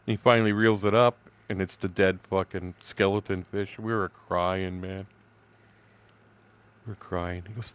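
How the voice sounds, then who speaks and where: An older man in his sixties chats while he plays a fishing game on stream. His voice sits a little low. He rambles through old stories, swears freely and laughs along the way. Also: steady tone, moderate pace. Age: 60s.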